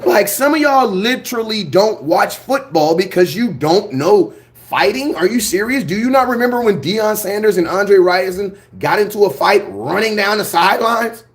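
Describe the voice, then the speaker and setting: A man hosting a sports fan channel, ranting his opinions in a blunt, slangy, animated way. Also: high voice, normal speed. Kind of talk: fired-up sports opinion rant.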